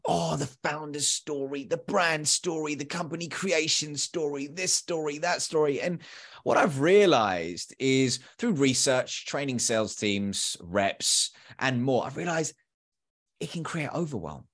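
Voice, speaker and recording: A man's voice: on the high side, measured pace. A man in his thirties, a sales trainer, talking energetically as a podcast guest with emphatic repeats. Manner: animated, acts out quoted dialogue; emphatic repetition.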